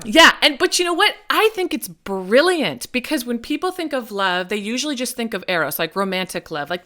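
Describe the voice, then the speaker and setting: Emphatic woman podcast co-host, bright tone, animated chat. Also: fairly high pitch, fairly quick, hardly any pauses. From Nebraska. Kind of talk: casual chat.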